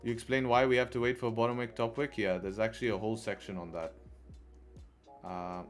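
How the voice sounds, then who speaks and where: A man's voice: fairly low pitch, flat delivery, brisk, soft background music. A man giving live trading commentary on a stream, talking to his viewers and laughing often in frustration. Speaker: forex trader live streamer.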